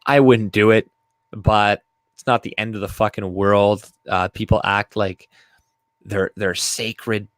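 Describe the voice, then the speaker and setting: A man's voice: on the low side, fairly even intonation, slow pace, no echo. A man giving a casual, profane, rambling commentary on news stories, reading articles aloud. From Canada. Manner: rambling and profane, with frequent fillers and laughs. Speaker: video commentator.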